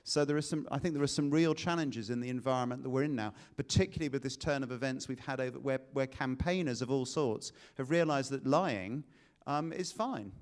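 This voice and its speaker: A man speaks on a discussion panel at a middle pitch. He lays out his points in a measured, reasoned way.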